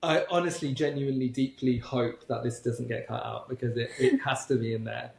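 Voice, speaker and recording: A man's voice: mid-range voice, steady tone, brisk, vocal fry, darkish tone, roomy sound, poor audio. A man co-hosting a podcast in casual chat, teasing his co-host and then explaining a planning tool. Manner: teasing, wry.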